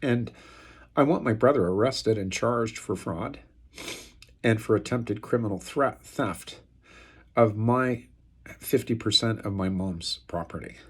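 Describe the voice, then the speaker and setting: A man talking unscripted to the camera, aggrieved and angry, rambling with many fillers and getting louder when outraged. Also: a little slow, long pauses, breathy edge. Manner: turns loud and high-pitched when outraged. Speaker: video blogger airing an estate dispute.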